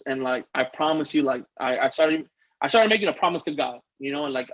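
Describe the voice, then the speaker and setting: A man's voice: on the high side, a little fast, muffled recording. A man telling a personal story as a podcast guest, earnest and rambling, often restarting his sentences. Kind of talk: casual interview storytelling.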